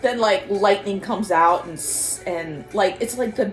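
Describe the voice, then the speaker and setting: A young woman joining a casual comedic chat about a film, laughing often and chiming in with quick jokes. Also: mid-range voice, roomy sound, faint music behind. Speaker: co-host retelling a film.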